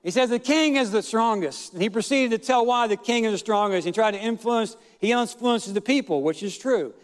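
A male pastor delivers a sermon in a high, smooth, resonant voice. He tells his story with halting fillers, then stretches and shouts key words for emphasis. His voice rings out with the long reverb of a big church hall.

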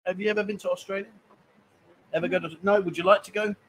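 Chatty male host, pitched high, teasing guests between bar-side segments. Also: fairly even intonation, fast, slight background noise, poor audio. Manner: cheeky, bantering, loud asides. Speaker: live stream host. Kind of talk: casual live-stream banter. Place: busy bar.

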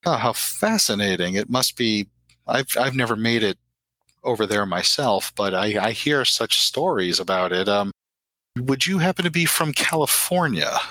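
A man's voice: on the low side, lively intonation, moderate pace, sharp tone, no room sound. A man voicing a poised, imperious female vampire elder in a tabletop game, speaking in a gracious, gushing way.

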